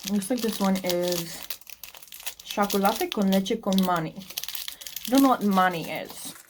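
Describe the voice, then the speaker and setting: A woman's voice: medium pitch, unhurried, background noise. Chatty woman vlogger giving blunt opinions. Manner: chatty and opinionated, lots of ums and likes. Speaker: book vlogger. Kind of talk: casual taste-test chat.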